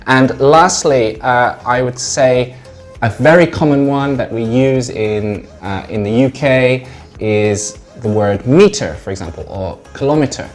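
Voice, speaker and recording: A man's voice: mid-range voice, a little slow, soft background music. British man explaining English usage. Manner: relaxed, explanatory, with frequent "uh" fillers. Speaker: English language tutor.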